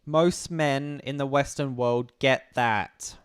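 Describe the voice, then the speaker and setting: Smooth-voiced man hosting a livestream. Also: medium pitch, fairly even intonation, dry recording, studio quality. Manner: blunt, sardonic, swears casually; halting, with frequent restarts. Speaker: livestream host. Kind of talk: casual livestream commentary.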